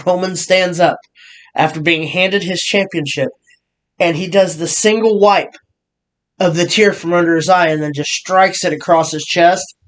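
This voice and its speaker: A man co-hosting a casual wrestling review, excitable and full of halting restarts. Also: high voice. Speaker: podcast co-host.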